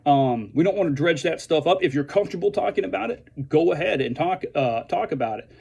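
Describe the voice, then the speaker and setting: A man who is a veteran speaks earnestly and haltingly to fellow veterans, restarting his sentences often. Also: a little high, animated, creaky, darkish tone, husky. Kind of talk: earnest direct-to-camera message.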